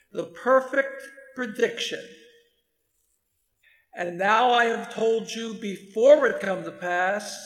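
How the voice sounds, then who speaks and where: A man preaching a sermon in a measured, deliberate way, reading scripture aloud between his own points. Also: high voice, pushed and bright. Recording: roomy hall reverb.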